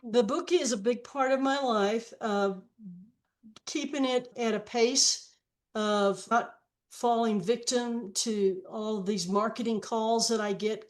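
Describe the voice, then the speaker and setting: Older woman in her seventies, podcast guest author, slow and reflective delivery. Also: on the high side. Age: 70s. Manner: slow, reflective storytelling with long read-aloud quotes. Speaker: guest, author and trail hiker. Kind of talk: podcast interview.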